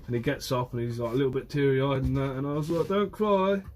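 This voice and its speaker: A man's voice: medium pitch, fairly even intonation, fast, darkish tone, slight background noise. Chatty fisherman streaming live by phone. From Guernsey. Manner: chatty, answers viewers' comments by name. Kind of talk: casual live stream chat. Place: outdoors by the shore.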